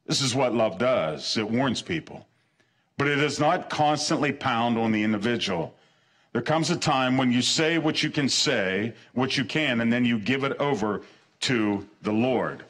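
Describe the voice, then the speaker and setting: A man's voice: mid-range voice, lively intonation, unhurried, a bit bright. A man preaching a sermon as pastor, earnest, repeating short phrases for emphasis and restarting his sentences. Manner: stumbles and restarts mid-sentence.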